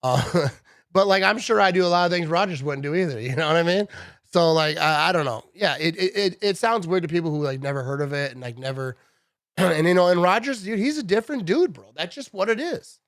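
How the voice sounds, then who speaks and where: A man in his thirties rants about sports in a loose, chatty way, calling people bro and dude. His voice sits a little high for a man. The sound is dry and close, with no room around it. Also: fairly quick, no echo. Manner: animated, chatty, says "bro" and "dude" a lot. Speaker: sports vlogger. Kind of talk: casual sports rant.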